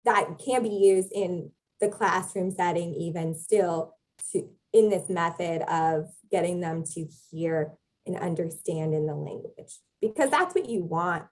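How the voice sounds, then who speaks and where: Young woman teacher talking it through, a bit low voiced, lots of ums. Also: a little slow, hardly any pauses, darkish tone, poor audio. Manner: explanatory, thoughtful, with frequent fillers. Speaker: podcast guest, Latin teacher. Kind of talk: casual conversational interview.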